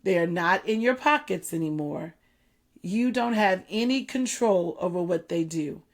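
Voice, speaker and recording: A middle-aged woman hosting a solo talk, earnest and measured, repeating her key points slowly for emphasis. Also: fairly low pitch, expressive. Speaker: podcast host.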